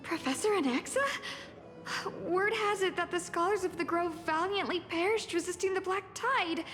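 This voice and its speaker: A very high, earnest female voice with a long reverb. a cheerful young soldier in a video game, relieved and eager in her greeting. Game music plays beneath. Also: steady tone, moderate pace. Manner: bright, earnest, warm greeting.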